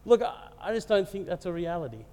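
A man's voice: sits high, sing-song, fast talker, dark tone. A man preaching a sermon in a conversational, jokey, storytelling way. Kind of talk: humorous sermon. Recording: echoey hall reverb.

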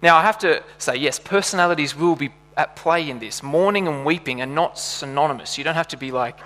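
Male preacher, earnest sermon delivery, bright forceful tone, echoing church-hall sound. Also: a little high, fairly quick. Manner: earnest, builds to passionate emphasis. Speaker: pastor.

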